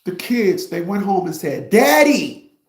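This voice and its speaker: A man's voice: on the high side, expressive, moderate pace, darkish tone. A man telling a story to his viewers in a casual, emphatic and profane rant, speaking straight to the audience. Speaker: streamer and commentator. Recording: roomy echo.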